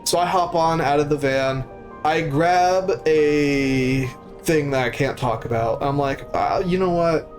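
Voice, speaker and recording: Over faint background music, a young man streaming live recounts a story at a measured pace in a voice on the high side. It's casual and peppered with profanity, and he performs the voices of the characters.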